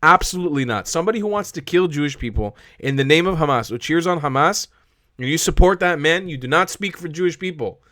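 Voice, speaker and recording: A man's voice: a little high, animated, fast talker, fairly bright tone, dry recording, studio quality. A man hosting a reaction video, angry and swearing as he rants at a clip. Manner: swearing, angry, repeats himself. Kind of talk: heated reaction commentary.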